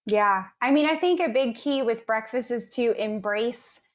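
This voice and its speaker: A woman's voice: a little high, moderate pace. Informative woman explaining health. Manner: informative, steady, explains health points clearly. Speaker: naturopath guest. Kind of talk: explanatory interview talk.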